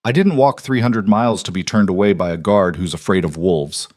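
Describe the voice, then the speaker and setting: A man's voice: deep voice, brisk, a little mellow, dry recording, studio quality. A man voicing a cool, defiant cast-out queen. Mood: steely. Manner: cool, level and unyielding. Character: defiant young woman, a cast-out wolf queen.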